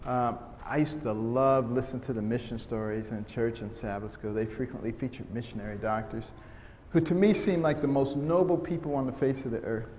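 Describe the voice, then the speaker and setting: An American man with a mid-range voice tells stories to an audience in a testimony talk, recorded in an echoey hall with faint noise. His storytelling is humorous and animated, and he voices the people he quotes.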